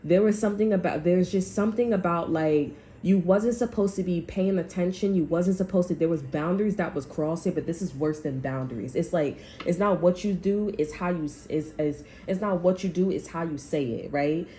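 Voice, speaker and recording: A woman's voice: on the low side, normal speed, hardly any pauses, dark tone, a little hiss or hum. A woman giving a casual tarot reading, rambling with lots of "like" and speaking bluntly, with frequent swearing. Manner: blunt and heated. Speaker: tarot reader.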